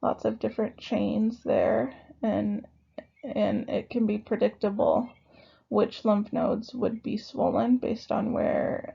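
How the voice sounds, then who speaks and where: A hoarse woman who is losing her voice, giving a recorded lecture in a casual, conversational way. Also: mid-range voice, big pitch swings, slow pace, mellow. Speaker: instructor. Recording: dull lo-fi recording.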